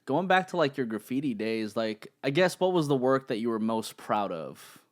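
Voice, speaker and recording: A man's voice: medium pitch, very animated, normal speed. A man hosting a casual interview, laid-back and slangy, swearing casually. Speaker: interview host.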